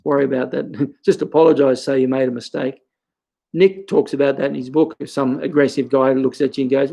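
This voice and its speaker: An older man with an Australian accent, a karate instructor explaining technique in a relaxed, conversational way with stories and asides. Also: mid-range voice, a little fast, creaky, husky, low-quality recording. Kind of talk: instructional talk.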